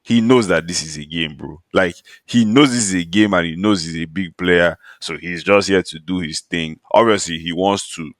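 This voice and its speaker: Very deep-voiced man with a dry sound. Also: normal speed, hardly any pauses, no echo. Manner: slangy, animated, laughs while talking. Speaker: podcast co-host. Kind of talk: casual podcast chat.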